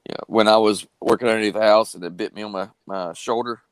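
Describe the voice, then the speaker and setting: A man's voice: on the low side, fairly even intonation, fast, smooth, no room sound, low-quality recording. A man, telling a long story casually on a live stream with plenty of fillers and restarts. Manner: drawling, rambling with many fillers and restarts.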